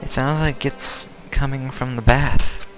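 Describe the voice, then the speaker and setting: A man voicing an anxious teenage girl who craves donuts, speaking in a soft, halting voice. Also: mid-range voice, steady tone, music in the background, voice pushed up, natural voice, low-quality recording. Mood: nervous.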